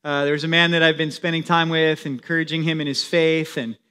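A young man preaching a sermon in a plain, everyday way, with no pulpit voice. His voice sits high for a man, with a bright, forward tone. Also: flat delivery, brisk, clear, resonant tone. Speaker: pastor.

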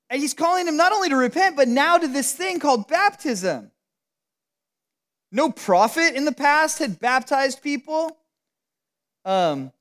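A Bible teacher giving a casual, emphatic teaching, talking conversationally with frequent "like" fillers. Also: medium pitch.

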